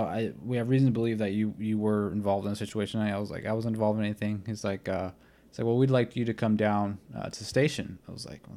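Young male podcast host, lowish voice, casual rambling storyteller who quotes the people in his story. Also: mellow. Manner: rambling, filler-heavy, retells scenes with quoted dialogue.

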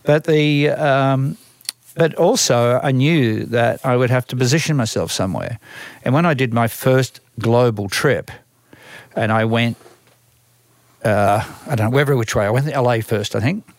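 A man's voice: mid-range voice, normal speed, dry recording. A man with an Australian accent telling stories from his work as a music manager, acting out other people's lines and often restarting his sentences. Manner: lively, acts out quoted voices, frequent restarts. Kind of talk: storytelling conversation.

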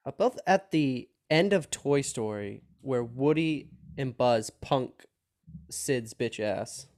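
A man's voice: mid-range voice, animated, slow, a little mellow. A man in an ordinary mid-range voice co-hosts a casual podcast and talks up his picks with enthusiasm. He curses freely and laughs often between points. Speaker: podcast co-host. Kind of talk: casual chat.

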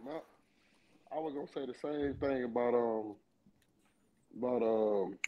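A man's voice: mid-range voice, measured pace, lo-fi sound, noisy background. A man talking loosely and in slang, repeating himself, as a panelist on a casual sports podcast.

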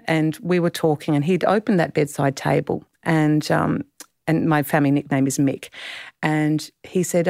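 A middle-aged Australian woman, an author being interviewed, speaking in a heartfelt, halting way with many restarts. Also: low-pitched, vocal fry, darkish tone, no echo, studio quality. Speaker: author guest. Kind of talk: reflective interview conversation.

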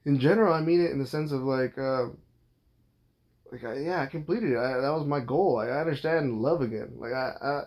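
A young adult man talks on his own podcast in a loose, meandering monologue. He is blunt and swears constantly, restarting his sentences as he goes. His voice sits at an ordinary middle pitch. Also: a little mellow. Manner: blunt, rambling, heavy swearing. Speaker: podcast host. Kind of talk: casual monologue.

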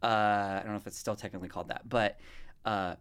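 A woman's voice: a bass voice, fairly even intonation, fast, clear, resonant tone. A woman from the US West Coast hosting a podcast in casual chat, rambling and often cutting herself off. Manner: rambling, chatty, self-interrupting. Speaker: podcast host.

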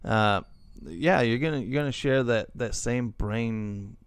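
Gravelly middle-aged man reading aloud. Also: medium pitch, a little slow, no echo. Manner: laughs often, jokey asides. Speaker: podcast host reading stories. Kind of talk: casual chat reading posts aloud.

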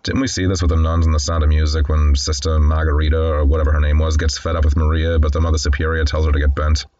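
A man's voice: rumbling low, little pitch movement, quick pace, darkish tone, lo-fi sound, a little hiss or hum. A man hosting film commentary, describing scenes and reading the dialogue aloud in a wry, conversational way. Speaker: host.

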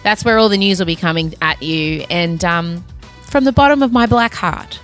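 A woman's voice: lowish voice, normal speed, soft background music. A woman hosting a podcast, closing the episode with chatty, heartfelt thank-yous and self-mocking asides. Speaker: podcast host. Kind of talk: casual podcast sign-off.

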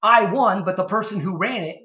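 A man's voice: high voice, fairly quick. A man co-hosting a casual podcast, telling a rambling story with plenty of restarts. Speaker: podcast co-host. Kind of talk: casual chat. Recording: roomy, dull lo-fi sound.

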